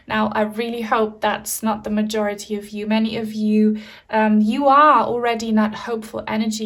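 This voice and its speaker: Gentle-spoken woman giving a tarot reading. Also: medium pitch. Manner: soft, gentle and reassuring, with fillers. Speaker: tarot reader. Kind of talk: pick-a-card tarot reading.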